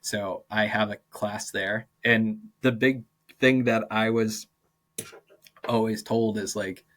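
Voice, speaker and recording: Casual interview storytelling comes from a young man in his twenties with a fairly low pitch, who animates his teaching anecdotes by voicing the people in them. He laughs a lot and leans heavily on "like."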